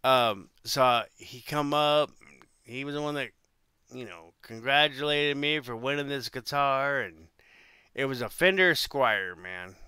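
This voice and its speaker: Brief: man, 40s, casual vlog storyteller, rambling and repetitive, smooth and very bright tone, dry close sound. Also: mid-range voice, measured pace, no echo. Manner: rambling, repeats himself, restarts phrases. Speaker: vlogger telling life stories.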